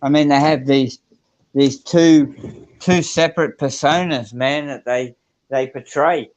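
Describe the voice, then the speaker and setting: A man's voice: a little high, fairly even intonation, slow, a little mellow, dry recording. A man who is a guest on a live stream, chatting casually and complaining in a rambling, agreeable way. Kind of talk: casual chat. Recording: dry, dull lo-fi audio.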